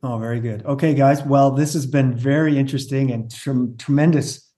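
A man's voice: mid-range voice, steady tone, normal speed, warm tone. A man hosting a business podcast, asking guests encouraging questions. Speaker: podcast host. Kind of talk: podcast interview.

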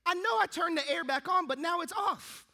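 Young male preacher, very high and forceful voice, animated storyteller. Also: moderate pace. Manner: lively storytelling, acting out his own thoughts. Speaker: pastor. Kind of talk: sermon with a comic personal story.

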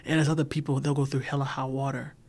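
A man's voice: mid-range voice, flat delivery, fast talker, a little mellow. A man co-hosting a podcast, telling earnest personal stories in casual chat. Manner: earnest storytelling, acting out quoted voices. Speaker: podcast co-host.

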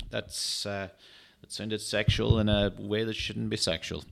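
A man rambles through a casual solo podcast, swearing freely and padding his talk with fillers. He sounds tired and yawns now and then. His voice sits low, with a bright, forceful edge. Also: flat delivery, a little slow, creaky. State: tired, yawning. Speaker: podcast host. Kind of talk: casual solo sports chat.

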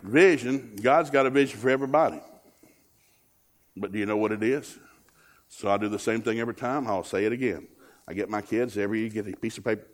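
A man preaching a lively, joking sermon as a guest speaker, with a husky voice. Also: on the low side, fairly quick, pauses often.

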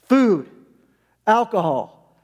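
High-voiced pastor preaching in a reverberant hall. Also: male voice, very animated, extremely slow, a little mellow. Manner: conversational, humorous asides. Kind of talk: sermon. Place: church sanctuary.

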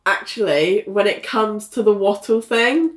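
A woman's voice: medium pitch, unhurried, echoey room. A woman co-hosting a casual podcast, chatting loosely, laughing often and swearing freely. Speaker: podcast co-host. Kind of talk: casual chat.

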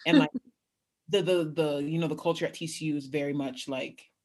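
A young woman from California, a guest in a casual interview, telling animated stories and acting out quotes with laughter. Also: low voice, quick pace. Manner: animated storyteller, acts out quotes, laughs often. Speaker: guest, athlete.

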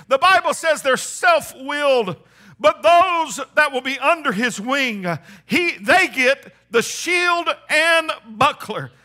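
An older man preaching a sermon, fervent, swinging from shouted peaks to hushed low passages and repeating phrases for emphasis. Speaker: pastor.

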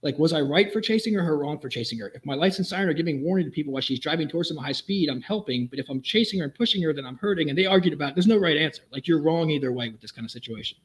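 Fast-talking man telling a police chase story. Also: fairly high pitch. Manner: fast, animated storytelling with voiced quotes. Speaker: police officer guest. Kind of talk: storytelling in a podcast interview.

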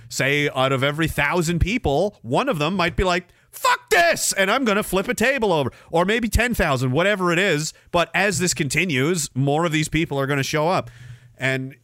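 A man's voice: on the high side, sharp tone, no room sound, studio quality. A man from Canada hosting a livestream, ranting in a crude, sarcastic, rambling way with lots of restarts. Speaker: livestream host. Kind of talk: casual ranting livestream monologue.

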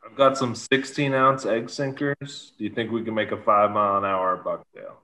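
Bright-voiced man joking offhand. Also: lowish voice, fairly even intonation, normal speed. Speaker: podcast guest. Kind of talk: casual podcast chat.

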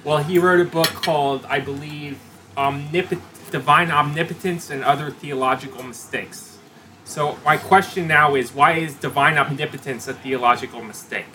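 Male interviewer, mid-pitched, careful questions, clinking dishes and room noise. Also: moderate pace, pushed and bright.

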